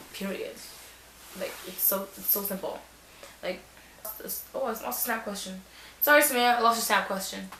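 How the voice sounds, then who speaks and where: A woman's voice: a little high, pushed and bright, roomy sound, poor audio. A young woman giving casual back-to-school advice in a sassy, chatty way, full of slang and acted-out quotes.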